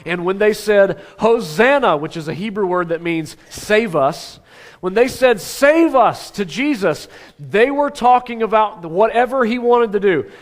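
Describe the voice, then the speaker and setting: Animated male pastor preaching. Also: sits high, unhurried. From Oklahoma. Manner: animated, with sudden loud exclamations and hushed asides. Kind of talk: sermon. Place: church sanctuary.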